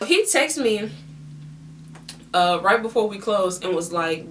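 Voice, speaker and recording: A woman telling a storytime vlog in an animated, chatty way, laughing often. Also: medium pitch, slow, recorded from a distance. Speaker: vlogger.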